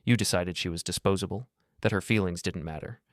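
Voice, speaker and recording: A man's voice: deep voice, brisk, no room sound, studio quality, lightly acted. A man voicing a furious betrayed father. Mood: cold. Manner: cold, cutting accusations.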